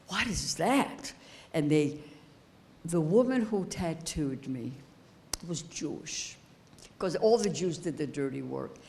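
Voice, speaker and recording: A woman in her eighties giving a personal testimony as keynote speaker, slow and halting, repeating phrases as she grows emotional. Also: low voice, mellow. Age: 80s. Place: high school event hall.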